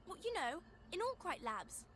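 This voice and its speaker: An actress playing an eager woman companion in a video game, excitedly pointing out what she finds. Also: very high voice, moderate pace, a little hiss or hum, full character voice.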